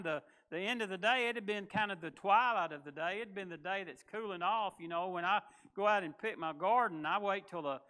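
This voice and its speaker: A pastor delivers a sermon in a folksy, conversational manner. His voice sits high and sounds bright and forceful. He slips into quick acted voices when quoting people.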